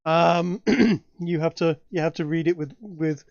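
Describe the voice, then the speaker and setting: A man's voice: fairly high pitch, unhurried, gravelly, darkish tone, no room sound, dull audio. A man running a tabletop game as dungeon master, chatting in a rambling, hesitant way with many restarts. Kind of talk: casual tabletop game chat.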